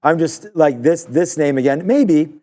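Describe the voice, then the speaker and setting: In a trading desk studio, a man hosts a live trading stream, his voice slightly high, slightly slow, and dark in tone. He rambles through his trades, thinking aloud and leaning heavily on filler.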